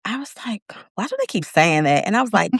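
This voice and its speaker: A woman's voice: fast talker, gravelly, breathy edge, no room sound, studio quality. A woman in her thirties telling a personal story in a casual interview, acting out her own quoted words. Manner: animated, acts out her own quotes with big pitch jumps. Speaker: interview guest.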